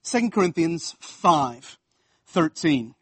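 A man, preaching with a fairly high voice. He talks conversationally, repeats phrases and checks in with the congregation. The sound is dry and close. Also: sing-song, takes it slowly, a bit bright, breathy edge, no echo. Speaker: pastor. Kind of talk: sermon.

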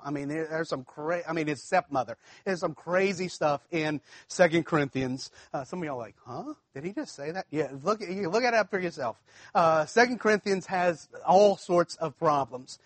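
A man's voice: high voice, no echo. A man preaching a sermon in a conversational way, repeating himself and checking that the congregation follows. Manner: conversational preaching, repeats phrases, asks congregation if it makes sense. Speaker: pastor.

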